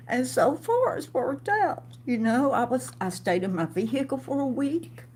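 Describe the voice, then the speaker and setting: Slow-talking emotional woman. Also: sits high, animated, a little mellow, slight background noise. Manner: emotional, halting, with repeated restarts. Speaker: vlogger. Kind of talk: emotional personal vlog.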